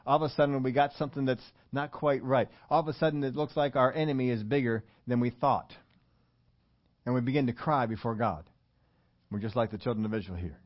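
A man's voice: medium pitch, brisk, lo-fi sound. A man preaching a sermon in a conversational way, asking the congregation questions as he goes. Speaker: pastor.

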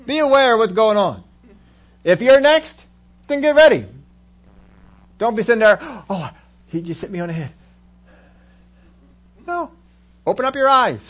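A man preaching a sermon as pastor, acting out little scenes and swinging between loud exclamations and hushed asides. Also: high-pitched. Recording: dull lo-fi sermon recording.

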